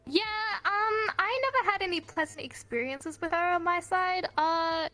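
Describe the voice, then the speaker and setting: A woman's voice: very high voice, moderate pace, bright, forceful tone. A woman guest on a live online talk show, telling stories in a rambling, giggly way. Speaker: interview guest. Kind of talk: casual chat. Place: online voice chat.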